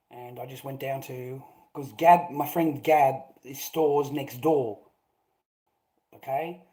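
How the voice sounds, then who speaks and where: A man's voice: medium pitch, a little mellow, poor audio. A middle-aged Australian man telling a rambling anecdote, swearing often and filling gaps with "rah, rah".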